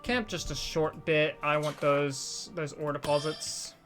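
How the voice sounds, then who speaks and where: A man's voice: on the high side, steady tone, unhurried, music in the background. A man streaming a video game, making casual asides and reading the story text aloud. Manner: casual, mumbling asides while playing.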